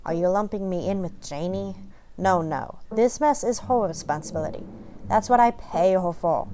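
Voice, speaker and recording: A woman's voice: on the low side, normal speed, warm tone, a little hiss or hum, lightly acted. A woman voicing a haughty, dismissive homeowner in a visual novel, curt and condescending as she reads the dialogue aloud. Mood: disdainful.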